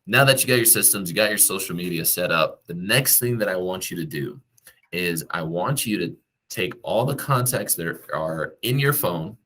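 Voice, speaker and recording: A man's voice: deep voice, a bit bright, husky. A man who works as a real estate agent, giving direct, coaching advice to the viewer in a casual vlog.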